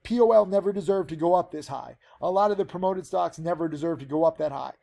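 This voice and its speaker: A man's voice: on the high side, quick pace, vocal fry, dark tone. A man teaching penny stock trading, giving a casual, rambling trade recap with many fillers.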